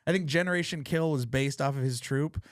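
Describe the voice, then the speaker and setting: A man's voice: on the high side, a little fast, dry recording, clean studio sound. A man hosting a podcast, telling a story in casual chat, laughing often and swearing freely. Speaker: podcast host.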